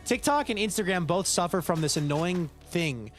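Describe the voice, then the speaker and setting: American guy streamer, bit high-pitched, chatty, answers chat live, faint music under. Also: lively intonation, moderate pace. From United States. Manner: chatty, answers viewers' chat aloud while playing. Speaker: game streamer.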